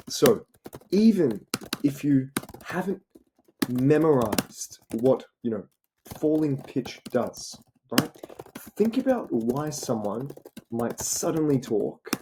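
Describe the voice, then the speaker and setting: A young man with an Australian accent tutoring students in an informal lesson, asking rhetorical questions and saying "right?" again and again. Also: medium pitch. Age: young adult. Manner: rhetorical, repeats "right?" and "you know". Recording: noisy recording with keyboard clicks.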